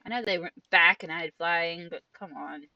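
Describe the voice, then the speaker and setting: A woman's voice: lowish voice, normal speed, dry recording. A young woman streaming a game, chatting casually in an apologetic, rambling way into a headset mic. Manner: apologetic, self-conscious, rambling. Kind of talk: casual gameplay chat. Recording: dull, distant, dry, game music behind.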